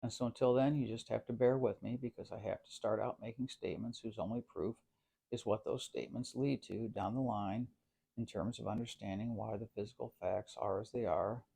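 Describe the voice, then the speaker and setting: A man giving a scripted philosophical narration in a measured, formal way, with long winding sentences. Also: lowish voice, steady tone, vocal fry, warm tone, husky.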